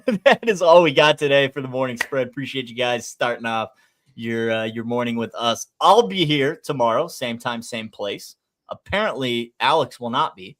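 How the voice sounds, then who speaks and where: A man's voice: mid-range voice, animated, normal speed, fairly bright tone. A man hosting a sports betting show, chatty and upbeat as he runs through picks for viewers. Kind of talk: casual sports betting talk.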